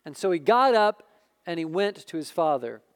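High, smooth-voiced man preaching. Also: sing-song, normal speed. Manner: emphatic, repeats words as he builds a point. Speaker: pastor. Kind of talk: sermon.

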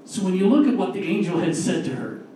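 A man delivers an earnest sermon with a slightly raised, mellow tone, slowing to press each key word. The sound comes from far across a very echoey church, with a faint hiss underneath. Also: high voice, big pitch swings. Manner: earnest, emphatic, slows down to stress key words. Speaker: lay preacher. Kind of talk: sermon with scripture reading. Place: church sanctuary. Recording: distant, echoey church room recording.

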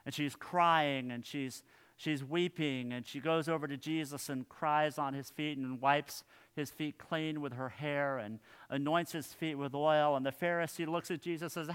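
A male pastor preaching a sermon in a church, earnest, his phrases trailing off softly at the ends. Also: a little high, steady tone, normal speed, clean tone.

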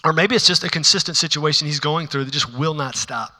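A man preaching a sermon to a congregation in a church, shifting between hushed, intimate asides and rising, emphatic passages. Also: on the high side, fairly quick. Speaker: pastor. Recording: long reverb of a large hall.

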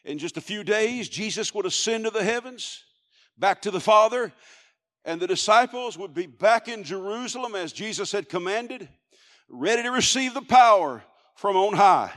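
A man pastor delivering a sermon, swinging from hushed softness to loud shouting in an emphatic, repetitive preaching cadence. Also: sits high, expressive, moderate pace, in a large hall.

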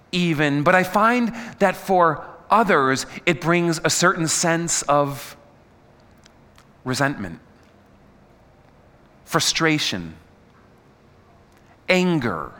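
A middle-aged man delivers a casual, animated sermon, his bright, forceful voice swinging widely in pitch. He keeps asking his listeners questions and stumbles into quick repetitions. A long reverb trails each phrase, as in a big sanctuary. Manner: animated, asks the audience questions, stumbles and repeats words. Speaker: pastor. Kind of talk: conversational sermon.

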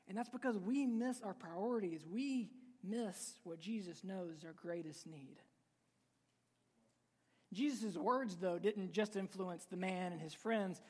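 A man's voice: sits high, lively intonation, measured pace. A man preaching a sermon to a live congregation in a church, conversational and joking, with sudden emphatic bursts. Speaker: pastor. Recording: long reverb of a large hall.

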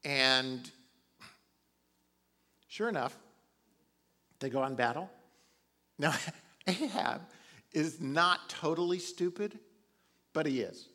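A man's voice: on the high side, slow, long pauses, bright, forceful tone. A man preaching a sermon, retelling a Bible story casually with chuckles and asides. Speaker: pastor.

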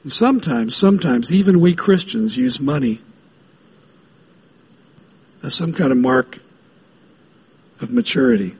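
A man's voice: on the high side, sing-song, measured pace, pauses often, breathy edge. A man preaching a sermon as pastor, emphatic and given to repeating key phrases.

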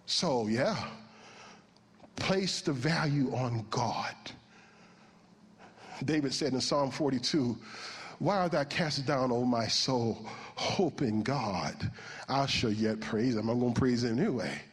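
A man preaching a sermon in an animated way, moving from hushed, almost whispered passages to loud, high shouts. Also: takes it slowly, pauses often, husky, long reverb tail.

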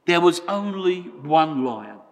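A preacher reading as a solemn great lion. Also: male voice, fairly high pitch, sing-song, takes it slowly, pitched above the performer's own voice. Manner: solemn, emphatic storybook reading. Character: mysterious great male lion, calm and commanding. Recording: long reverb of a church hall.

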